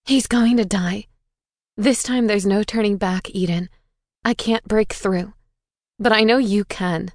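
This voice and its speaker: A woman's voice: mid-range voice, unhurried, no room sound, studio quality, natural voice. Woman voicing a desperate pleading young woman. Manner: pleading, tearful.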